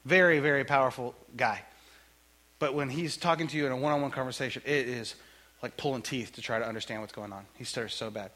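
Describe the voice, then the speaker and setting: A male pastor preaching a sermon in a church, joking and conversational in an animated way. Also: medium pitch, quick pace.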